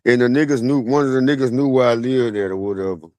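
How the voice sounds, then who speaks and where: A man's voice: medium pitch, fast talker, no room sound. Laid-back man talking slang. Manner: relaxed, slangy street talk with many fillers. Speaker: vlogger. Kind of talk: casual storytelling monologue. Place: outdoors at a graveside.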